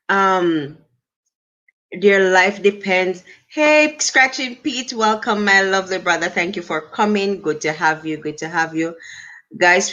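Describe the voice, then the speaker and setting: A middle-aged Jamaican woman hosting a casual livestream, speaking in an unhurried, reflective way and thanking her viewers. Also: mid-range voice, a bit bright. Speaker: livestream host. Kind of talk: casual livestream talk to chat.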